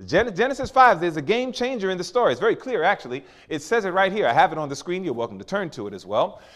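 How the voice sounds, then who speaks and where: A man's voice: high voice, sing-song, fast talker. A man preaching a sermon, acting out quoted voices with big swings as he tells stories. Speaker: pastor.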